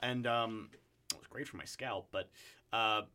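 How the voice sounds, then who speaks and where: Chatty bright-voiced man telling stories. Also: fairly low pitch, measured pace, slight background noise. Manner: chatty anecdotal storytelling with frequent fillers. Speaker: actor guest. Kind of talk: casual chat.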